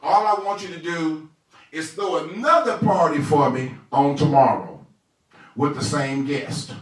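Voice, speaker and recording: A man voicing a determined, calm young queen who speaks in a resolute, measured way. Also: on the high side, pitched below the performer's own voice, lightly acted. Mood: coaxing. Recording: echoey room from a distant mic.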